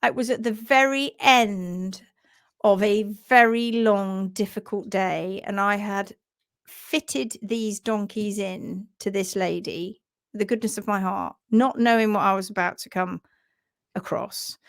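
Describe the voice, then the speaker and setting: A woman, a hoof trimming instructor, telling an animated story on a live stream and acting out sounds and voices. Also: medium pitch, takes it slowly.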